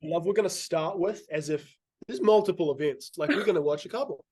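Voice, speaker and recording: Playful man with a higher voice. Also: a little fast, darkish tone, slightly rough, dry recording. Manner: playful, swears casually, acts out quotes. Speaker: podcast host. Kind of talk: casual chat.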